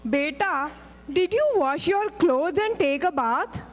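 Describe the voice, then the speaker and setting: Nagging Indian mother, played by a male student, high and slow-paced. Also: animated, heavily acted. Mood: fussing. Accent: Indian English. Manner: scolding, nagging, exclaiming. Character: fussy worried Indian mother on the phone. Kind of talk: student stage skit.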